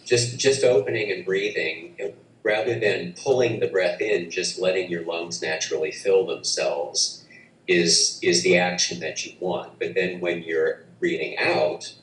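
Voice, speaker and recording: Slow, low-voiced man guiding breathwork. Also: fairly even intonation, a little hiss or hum. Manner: slow, gentle, halting with restarts. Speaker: breathwork guest teacher. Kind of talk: guided breathing instruction. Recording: roomy, distant mic, faint ambience.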